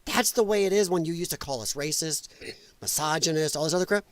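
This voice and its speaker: A man's voice: fairly high pitch, fast talker, dry recording. A male podcast host giving blunt, profane, sarcastic livestream commentary.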